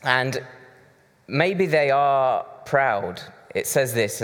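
Chatty preacher in a hall. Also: male voice, medium pitch, animated, very slow, a bit bright. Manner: conversational, chatty with asides. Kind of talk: sermon. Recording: reverberant hall.

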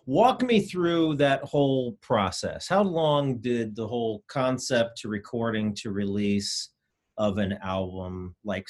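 A man hosts an interview and asks his guest long questions. He speaks slowly and deliberately, taking his time over each question. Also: fairly low pitch. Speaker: interviewer, host.

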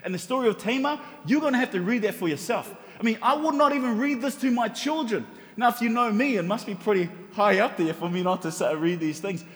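A man's voice: high-pitched, fairly quick, hardly any pauses, a bit bright, in a large hall. A middle-aged man preaching a sermon in a church, telling stories with humor and rhetorical questions. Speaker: pastor.

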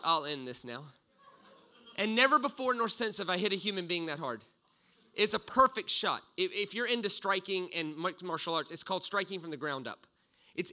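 Preacher guy telling a story, slightly high and really bright, gets loud then drops low. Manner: animated storyteller, swings from loud bursts to low asides. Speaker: pastor. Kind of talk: sermon with storytelling.

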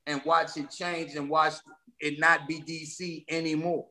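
Animated D.C. rapper, bright voice. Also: male voice, on the high side, a little slow. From Washington, D.C. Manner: animated, streetwise storytelling with slang. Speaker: guest rapper. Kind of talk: casual podcast interview.

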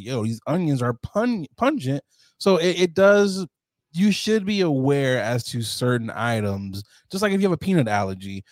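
Animated laughing podcast guy. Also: a little high, no room sound, clean studio sound. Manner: laughs through his words, animated storytelling. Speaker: podcast co-host. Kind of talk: casual podcast chat.

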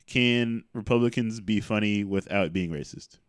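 Very deep-voiced man with dry sarcasm. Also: moderate pace, clear, resonant tone, no room sound. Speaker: podcast co-host. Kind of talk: casual chat.

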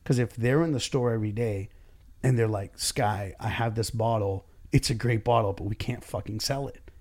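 A man's voice: fairly low pitch, moderate pace, a little mellow. This is a man who owns a business, chatting in a casual, blunt way. He curses freely and acts out snippets of conversations to make his point. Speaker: business owner and boss. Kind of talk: casual podcast chat.

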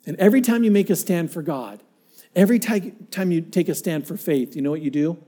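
High, mellow-voiced male preacher. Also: animated, brisk, husky. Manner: dynamic, swinging from hushed to emphatic; earnest storytelling with acted-out quotes. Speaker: pastor. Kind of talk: sermon.

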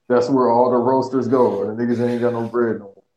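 A man trading quick slangy jokes on a podcast. His voice bounces around a roomy space, and the sound is a little dull and lo-fi. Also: mid-range voice, fairly even intonation, mellow. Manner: quick joking comebacks, slangy. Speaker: podcast guest. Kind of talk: casual podcast banter.

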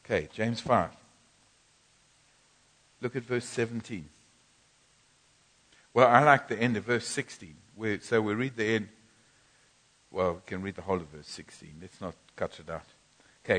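A man's voice: fairly low pitch, normal speed, long pauses, a bit bright. A man preaching a sermon in a church, emphatic and repetitive, often restarting phrases.

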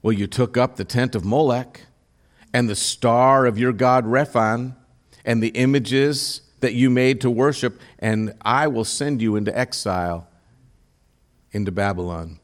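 A pastor with a medium-pitched voice delivers a sermon at a measured pace. He reads scripture aloud, then explains it, at times growing more intense and putting direct questions to his listeners.

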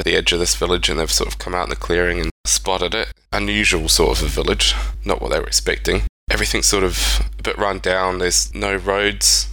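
Man, very low voice, bright forceful tone, rambling storyteller. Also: rough recording. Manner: rambling, speculative storytelling with asides. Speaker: podcast co-host. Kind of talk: casual storytelling chat.

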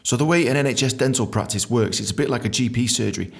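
A young man hosting a podcast, telling a story in an animated, swearing way and acting out other people's voices. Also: mid-range voice, fast, vocal fry. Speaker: podcast host. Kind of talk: casual storytelling.

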